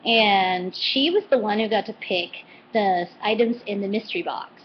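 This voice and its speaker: A woman's voice: mid-range voice, moderate pace. A woman vlogger chatting casually and animatedly as she recaps a TV cooking show episode. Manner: chatty and animated, quoting with put-on voices. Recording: slightly dull lo-fi home recording with faint noise.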